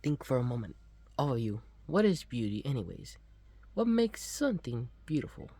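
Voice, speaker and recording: A man's voice: mid-range voice, big pitch swings, moderate pace, warm tone, slightly rough, no room sound. A man voicing a formal male art teacher from a game, reading his lines with a stiff, slightly accented delivery.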